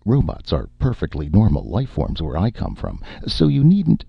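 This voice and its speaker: A man voicing a fussy, apologetic male robot that talks quickly and eagerly in an audiobook reading. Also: huge pitch swings, creaky, breathy edge, dry recording, exaggerated voice. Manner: quick, eager, rising pitch. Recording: muffled lo-fi recording.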